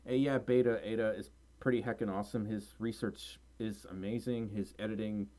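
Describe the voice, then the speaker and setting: A Mississippi man hosts a casual livestream from a room at home, reading the chat out loud. His voice is fairly low, mellow, and fairly quick, with fairly even intonation. He sounds tired and rambling, chatty and giggly, laughing often.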